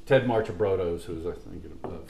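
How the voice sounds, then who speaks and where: A man co-hosting a podcast, swearing freely in casual, animated chat about old football games. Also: sits low, fast talker, vocal fry, echoey room, a little hiss or hum. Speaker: podcast co-host.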